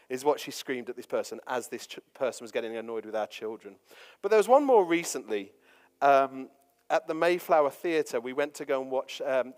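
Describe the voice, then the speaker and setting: A man, preaching a sermon full of jokey personal stories and fillers. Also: medium pitch. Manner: jokey, anecdotal, lots of fillers. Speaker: pastor. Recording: long reverb of a large hall.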